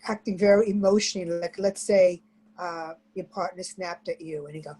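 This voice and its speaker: A woman joining a podcast discussion, giving short soft agreement and brief examples. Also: lowish voice, fairly even intonation, normal speed, slightly rough.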